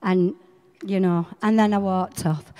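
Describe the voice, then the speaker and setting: A middle-aged woman, telling her faith story in a chatty, animated way. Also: medium pitch, a little slow, big-room sound. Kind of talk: personal faith testimony.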